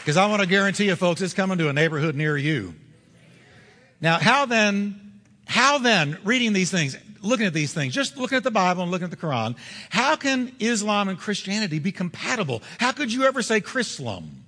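A man preaching a sermon as pastor, driving points home with repetition and slowing down on key words. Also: high-pitched, sing-song, pushed and bright, long reverb tail.

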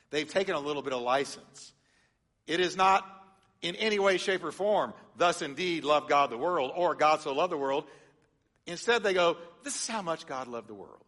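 Animated pastor with a bright voice. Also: male voice, on the high side, in a large hall. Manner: animated, engages congregation with call-and-response. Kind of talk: sermon teaching. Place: church sanctuary.

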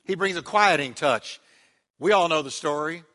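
Bright-voiced preaching pastor in a reverberant hall. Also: male voice, on the high side, moderate pace. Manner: dramatic preaching, dropping to a hush on quiet words; leads the congregation in call-and-response. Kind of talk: sermon.

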